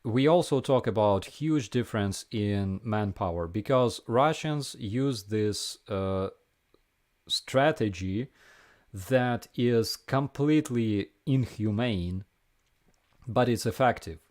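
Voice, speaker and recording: A young man with a Ukrainian accent hosting a casual live stream Q&A, answering viewer questions in a halting way with many fillers and restarts. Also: fairly low pitch, a little mellow.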